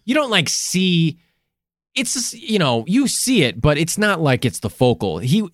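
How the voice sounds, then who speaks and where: A man's voice: fairly high pitch, very animated, unhurried, no room sound, studio quality. A man co-hosting a podcast in a casual, rambling, profane chat. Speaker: podcast co-host.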